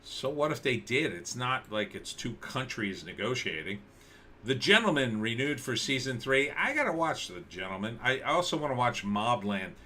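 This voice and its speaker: A man's voice: medium pitch, very animated, normal speed, sharp tone, a little hiss or hum. A man hosting a casual livestream, commenting on news with sarcasm and rambling restarts. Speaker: livestream host.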